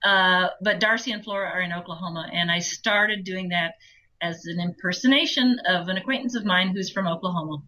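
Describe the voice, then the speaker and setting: A woman audiobook narrator talks as a guest in a fairly low, bright voice. She is chatty and explains her craft with quick asides. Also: rough recording. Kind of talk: interview chat.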